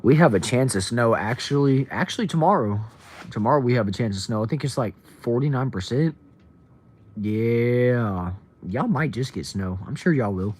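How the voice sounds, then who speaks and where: A man's voice: mid-range voice, animated, moderate pace, a little mellow. A young man from Texas, casually chatting on a livestream, reading viewer comments aloud and greeting people by name. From Texas, USA. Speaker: livestream host.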